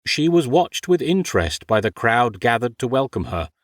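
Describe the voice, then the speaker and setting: Male audiobook narrator, steady and wry, dry close mic. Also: mid-range voice, dry recording. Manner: measured, wry storytelling. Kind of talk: scripted narration.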